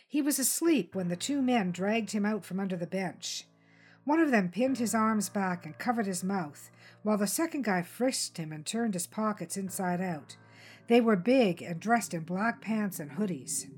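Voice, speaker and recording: A woman reading a tense crime novel aloud in steady, dramatic scripted narration. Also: medium pitch, breathy edge. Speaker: audiobook narrator.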